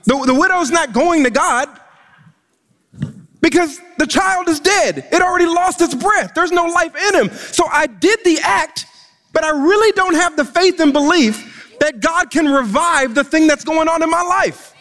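Male pastor, very high voice, impassioned sermon, long hall reverb. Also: expressive, a little slow, fairly bright tone. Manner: impassioned preaching, repeats words when pressing a point. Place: church stage.

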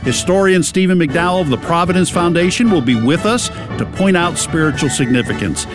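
A man's voice: expressive, fairly quick. A man from Boston with a Boston accent, a radio co-host doing a chatty promotional spot. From Boston, United States. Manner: chatty, upbeat pitch. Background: music.

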